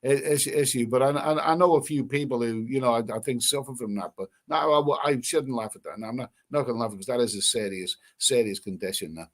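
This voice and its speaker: A man hosting a livestream, reading out viewer comments in casual, rambling chat full of halting restarts and sarcastic asides. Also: medium pitch.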